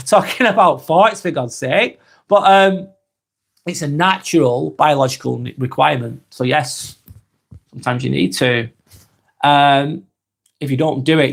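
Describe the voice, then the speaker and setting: A man in his forties with an East Lancashire accent, hosting a live stream and reading out viewer comments in a slow, halting way with many ums. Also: fairly high pitch, vocal fry. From England. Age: 40s.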